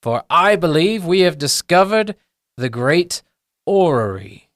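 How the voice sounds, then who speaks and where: A man's voice: on the high side, very animated, unhurried, fairly bright tone, dry recording, studio quality, pitched above the performer's own voice. A man voicing an eccentric, flustered gnome professor who talks grandly about his research. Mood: grandiose.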